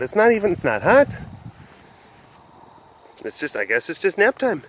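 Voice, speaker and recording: A man's voice: high voice, wildly swooping pitch, normal speed, a bit bright. Rambling, joking man outdoors. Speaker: vlog host at a wild animal facility. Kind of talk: rambling casual webcast. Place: outdoors at an animal compound.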